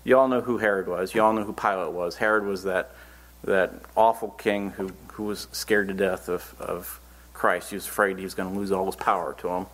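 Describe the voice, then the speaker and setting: A man's voice: low-pitched, fairly even intonation, a little fast, a bit bright. A man preaching a Bible-teaching sermon, reading scripture verses aloud and then explaining them in earnest, plain words.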